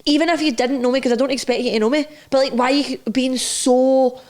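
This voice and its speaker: A young woman with a Scottish accent, co-hosting a podcast and telling lively stories full of acted-out quotes. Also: sits high, quick pace. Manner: lively storyteller, acts out quotes. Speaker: podcast co-host. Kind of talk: casual chat.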